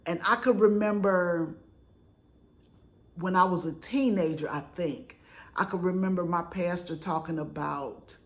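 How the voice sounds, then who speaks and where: A woman's voice: fairly low pitch, a little slow. Chatty woman telling a story. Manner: animated, chatty, dramatic retelling. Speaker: vlogger. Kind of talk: casual storytelling.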